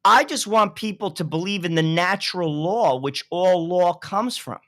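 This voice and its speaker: A man's voice: normal speed, pushed and bright. A man talking politics on a talk show, blunt and emphatic, pressing his points hard. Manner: blunt and emphatic, swinging in pitch.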